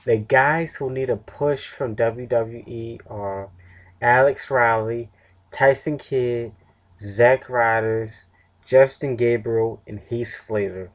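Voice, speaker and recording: A man's voice: medium pitch, steady tone, takes it slowly. A tired young man casually reviewing a wrestling show on his own, rambling with fillers and self-corrections. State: tired, yawning.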